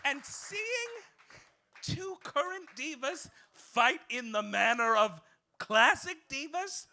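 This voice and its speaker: Male cabaret comic, campy and theatrical, bright voice, unhurried delivery. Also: very high voice, expressive, a faint crowd. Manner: campy, theatrical, swings into shrieking outbursts. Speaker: comedy host. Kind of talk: stand-up comedy monologue. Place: small cabaret club with live audience.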